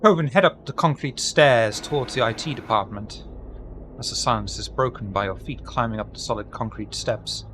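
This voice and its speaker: A man's voice: medium pitch, moderate pace, a bit bright, slight background noise. A man narrating scenes as game master of a tabletop role-playing game. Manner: descriptive, sets scenes.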